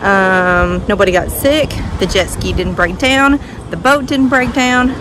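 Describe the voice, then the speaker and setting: A woman's voice: medium pitch, unhurried. A woman from Western Kentucky with a Kentucky accent, chatting casually in a vlog and cooing sing-song at her dogs. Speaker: vlogger. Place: outdoors by a lake and at home. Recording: noisy outdoor recording.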